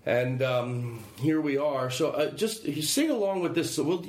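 A man's voice: mid-range voice, expressive, unhurried, reverberant, a little hiss or hum. A man hosting a podcast at home, chatting loosely and playfully and laughing often, recorded on a handheld recorder. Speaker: podcast host. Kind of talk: casual chat.

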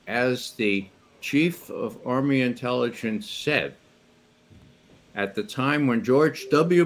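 A man's voice: medium pitch, a bit bright. A man speaking as a guest on a remote roundtable, earnest and indignant, quoting officials to back his argument. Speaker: former intelligence analyst guest. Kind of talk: roundtable discussion.

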